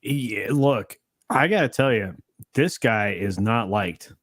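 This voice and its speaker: A man's voice: fairly low pitch, takes it slowly, fairly bright tone, no echo, studio quality. A man on a live-stream panel, trading teasing jokes with the host. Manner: laughing, teasing banter. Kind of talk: casual live-stream chat.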